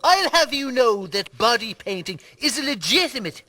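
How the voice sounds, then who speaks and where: An actor voicing a dim-witted, excitable Irish puppet who giggles and talks slowly and gleefully, in an Irish accent. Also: male voice, extremely high pitch, full character voice. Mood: dopey. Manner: giggly, gleeful, slow and gormless. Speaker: puppet co-host.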